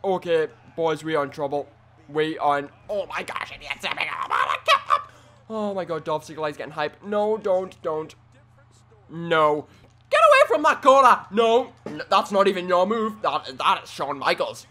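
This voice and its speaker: A man giving excitable let's play commentary, trash-talking his opponent and swinging between quiet mutters and sudden yells. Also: fairly high pitch, normal speed. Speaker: gaming commentator.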